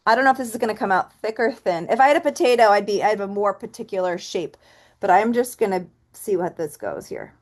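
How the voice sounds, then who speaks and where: A woman teaching a relaxed painting tutorial, chatting and thinking aloud as she works and counting softly while she stamps. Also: mid-range voice, quick pace. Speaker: painting instructor. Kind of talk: relaxed step-by-step art tutorial.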